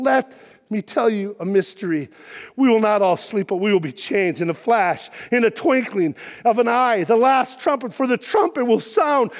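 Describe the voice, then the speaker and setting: A middle-aged man preaching a sermon to his congregation, emphatic and building to shouted peaks. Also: very high-pitched. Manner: emphatic preaching, shouting at peaks, quiet when telling personal story. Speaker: pastor. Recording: long hall reverb.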